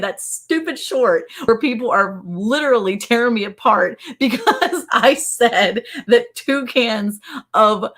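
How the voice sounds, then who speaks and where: A woman hosting a casual livestream from a ranch home, chatty and excited and laughing often. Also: medium pitch. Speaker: livestream host.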